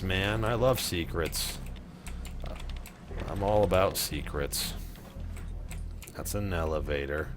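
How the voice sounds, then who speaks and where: A man doing casual let's play commentary, sarcastic and profane, talking with his chat while he plays. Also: very deep voice. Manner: profane, sarcastic, chatting with viewers. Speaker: streamer playing a game.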